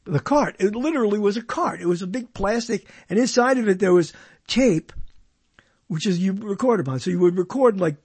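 A man's voice: sits high, expressive, brisk, darkish tone, slightly rough, dry recording. A man hosting a countdown of badly reviewed movies, jokey and rambling, who often corrects himself mid-sentence. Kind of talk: casual solo commentary.

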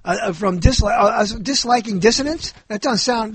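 A man's voice: sits high, animated, moderate pace, slightly rough, no room sound. A male show host talking in a casual, rambling monologue, joking and often stumbling and correcting himself.

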